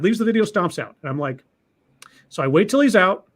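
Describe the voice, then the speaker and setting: A man's voice: on the high side, sing-song, normal speed, fairly bright tone. A man hosting a podcast, telling a story casually, with many restarts and repeated words.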